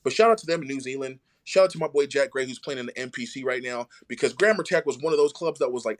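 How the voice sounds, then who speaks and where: A young adult man, a podcast guest, telling his own story casually and acting out what others said in lively voices. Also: medium pitch, fast talker, hardly any pauses.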